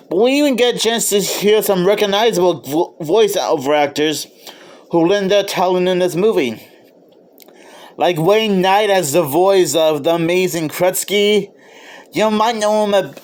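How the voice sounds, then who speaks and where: A man giving an eager, casual video review of a film, often stopping to restart or correct himself. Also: high-pitched. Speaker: movie reviewer.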